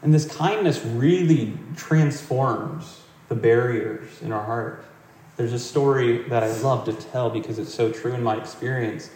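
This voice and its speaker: A man giving a reflective meditation talk in a gentle, conversational way, telling a story as he goes. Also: mid-range voice, unhurried. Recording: roomy hall, distant mic.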